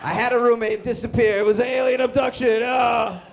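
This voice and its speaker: A man doing a stand-up comedy set, brash and profane, bursting into loud shouts. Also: very high-pitched, fairly even intonation, brisk, gravelly, over music. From Boston. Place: comedy club stage.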